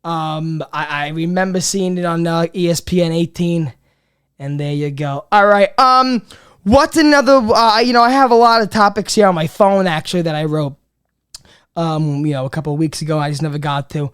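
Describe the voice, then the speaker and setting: A comedy podcast host, ranting in a profane, rambling way that swings between loud bits and muttered asides. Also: mid-range voice, moderate pace, smooth. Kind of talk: comedic rant.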